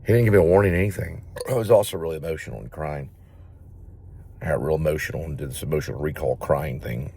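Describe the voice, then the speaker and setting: Deep-voiced man rambling to camera. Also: fast talker, gravelly, breathy edge, no room sound. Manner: rambling, repeats himself, animated storytelling. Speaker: actor and vlogger. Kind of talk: rambling casual monologue.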